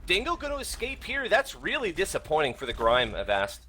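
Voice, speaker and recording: A man casting a competitive video game match with quick, jokey play-by-play and teasing asides. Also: high voice, wildly swooping pitch, bright, forceful tone. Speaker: esports caster. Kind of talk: play-by-play commentary.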